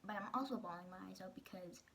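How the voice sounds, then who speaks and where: A woman's voice: mid-range voice, fast talker, fairly bright tone, a little hiss or hum. A teenage girl vlogging, telling a personal story in a casual, chatty way, full of "like" and quoting the people in it.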